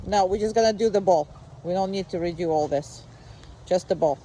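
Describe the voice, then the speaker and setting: A dog trainer giving a live training lesson outdoors, mixing short commands with calm explanations and sing-song praise. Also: mid-range voice, slight background noise. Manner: brisk short commands mixed with coaching explanations.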